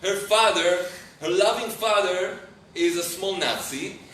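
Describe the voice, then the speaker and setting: A rabbi tells a story to a live audience in a lecture hall, often searching for English words. His voice is high-pitched and fairly bright, with a measured pace. The recording sounds roomy, with a distant mic and background noise.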